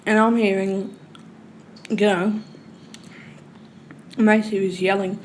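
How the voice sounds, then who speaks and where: A woman telling a long, rambling story in casual speech, swearing freely and swinging between loud and hushed. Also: medium pitch, level tone, slow, pauses often, a little hiss or hum.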